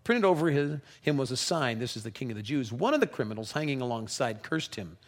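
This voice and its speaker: Man, pastor, sermon, animated storytelling, scripture reading. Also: mid-range voice, a little fast, hardly any pauses.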